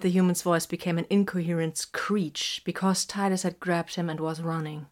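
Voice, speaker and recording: Low-voiced woman narrating a story. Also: steady tone, normal speed, few pauses. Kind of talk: scripted narration.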